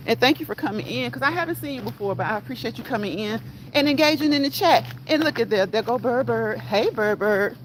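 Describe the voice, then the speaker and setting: A woman's voice: fairly high pitch, animated, normal speed, low-quality recording. A woman hosting a casual walk-and-talk fitness livestream, chatting with her live chat and laughing often as she walks outdoors with her phone. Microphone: phone held while walking. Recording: outdoor phone audio with loud background noise.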